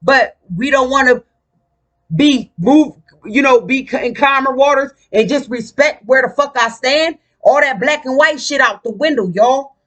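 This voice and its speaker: A woman vlogger delivering a casual, ranting monologue. Her voice is bright and tense, and she talks in a blunt, profane, combative way. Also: high-pitched, moderate pace, hardly any pauses.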